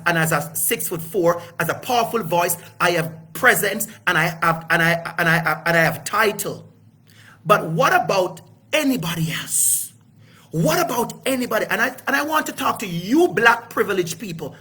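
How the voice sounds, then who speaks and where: Fiery husky-voiced man preaching to camera. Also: high voice, very animated, moderate pace, sharp tone. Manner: fiery, preachy, swears freely, repeats for emphasis. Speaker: educator hosting his own video series. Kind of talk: impassioned direct-to-camera talk.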